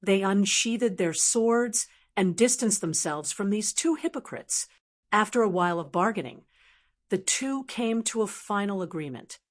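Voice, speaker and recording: A woman narrating a fantasy novel audiobook in an even, steady reading. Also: medium pitch, measured pace.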